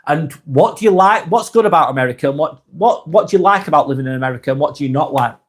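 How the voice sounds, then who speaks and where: A man's voice: fairly high pitch, expressive, quick pace. Laid-back man chatting on a live stream. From England. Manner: laid-back, chatty, trails off softly at phrase ends. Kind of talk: casual live-stream chat reading comments.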